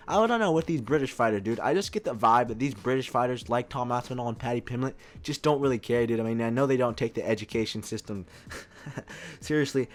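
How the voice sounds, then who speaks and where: Casual young man who keeps saying dude. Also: medium pitch. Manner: casual, says dude constantly. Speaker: video host. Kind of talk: comedic tier-list commentary.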